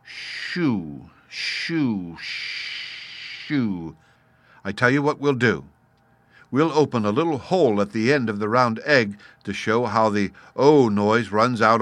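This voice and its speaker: A man's voice: mid-range voice, normal speed, a bit bright, no echo, natural voice. A man reading a storybook and voicing a patient, playful caveman father who explains things step by step.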